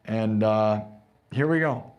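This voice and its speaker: Talking slowly in a lowish, slightly mellow voice with a clear, resonant tone, a man hosts a live music stream. Between songs he chats and rambles over live looped music, frequently restarting sentences.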